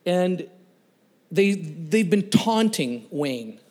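A male guest speaker telling a personal story in a sermon, animated, laughing and acting out the voices of the people in it. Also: a little high, extremely slow. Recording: long reverb of a large hall.

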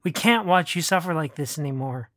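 Brief: a reader doing a soft, low-key worried dad in an audiobook story, dry close reading. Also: lively intonation, fairly quick, dry recording, close to an everyday voice. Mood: pleading. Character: worried father, plain and gentle.

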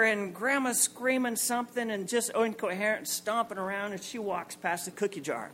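A man's voice: sits high, a little slow, fairly bright tone. A man in his forties telling a comic, self-mocking personal story on stage at a story night, acting out the people in it. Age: 40s.

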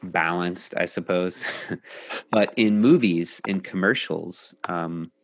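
Low-voiced reflective man, dry sound. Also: dry recording. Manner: reflective, measured, many pauses and fillers. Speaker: coach and host. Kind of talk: casual podcast conversation.

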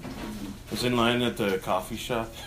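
A man's voice: mid-range voice, a little slow. Laughing man telling a story, noisy room. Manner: animated anecdote teller, laughs often. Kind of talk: casual chat, storytelling.

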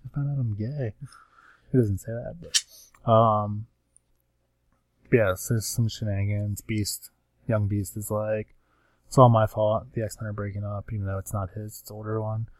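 Lower-voiced man rambling through a comic recap. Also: level tone, measured pace, long pauses, no echo. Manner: rambling recap with acted-out quotes and many fillers. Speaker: comics podcast co-host. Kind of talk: casual chat.

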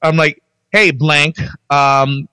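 A man with a somewhat high speaking voice tells his career story in casual podcast chat. He restarts often and jumps up in pitch when quoting himself. The sound is dry and close. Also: flat delivery, slow, pushed and bright, clear, resonant tone, no room sound, poor audio.

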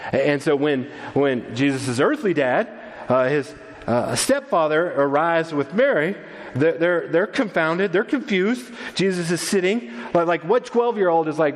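A man preaching a sermon, animated and conversational, acting out quoted voices as he tells the story. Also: a little high, measured pace, in a large hall. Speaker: pastor.

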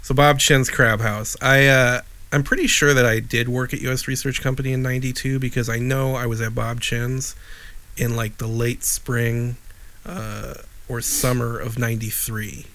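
A middle-aged man co-hosts a casual podcast, meandering through an old memory. He corrects himself often and slips in dry asides, in an ordinary mid-pitched voice. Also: level tone, moderate pace, bright, forceful tone. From Wheeling, Illinois, USA. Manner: rambling, self-correcting storyteller with dry asides. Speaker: podcast co-host. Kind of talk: casual chat.

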